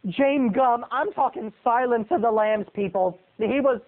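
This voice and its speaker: A man who is a video blogger telling a story in an animated way and addressing his viewers directly. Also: very high voice, measured pace. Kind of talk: storytelling vlog. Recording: tinny phone-like lo-fi sound.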